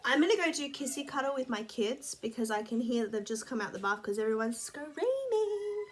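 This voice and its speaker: A woman's voice: high voice, lively intonation, fairly quick, few pauses. A woman rambling casually to camera, blunt and sweary, a bit sniffly. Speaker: vlogger.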